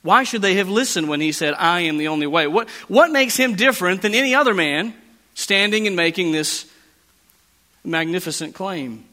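A high-voiced man preaches to his congregation with a bright, forceful tone. He presses hard on key phrases, drawing them out slowly. His voice carries a long reverb from a large church hall. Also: animated. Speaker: pastor. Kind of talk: sermon.

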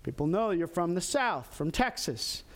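A pastor preaching a sermon, animated, acting out quoted lines with sudden jumps in pitch. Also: male voice, normal speed. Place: church in Texas.

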